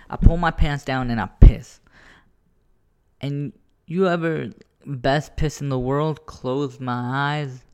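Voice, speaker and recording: A man casually telling a rambling, profane story about his own life, animated and full of restarts. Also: medium pitch, smooth.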